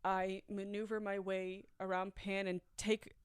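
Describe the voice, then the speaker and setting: A woman's voice: mid-range voice, level tone, a little slow, clear, resonant tone. A woman telling her own story in a candid, reflective way and laughing nervously at moments. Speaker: storyteller sharing a personal story. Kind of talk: confessional personal storytelling.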